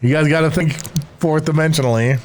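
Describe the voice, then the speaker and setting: A man's voice: on the high side, fairly even intonation, a little fast, darkish tone, a little hiss or hum. A man co-hosting a podcast in casual, rambling and playful chat. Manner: rambling, playful, doing voices. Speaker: podcast co-host.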